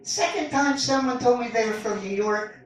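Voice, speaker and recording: A man doing a stand-up comedy set on a club stage, with a halting, meandering delivery and lively pitch swings. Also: a little hiss or hum. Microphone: far camera in the audience. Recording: echoey club recorded from far off. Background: audience laughter.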